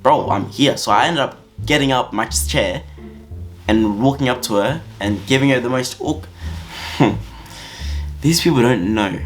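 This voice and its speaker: Animated man telling a story. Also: mid-range voice. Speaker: vlogger. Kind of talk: casual story time.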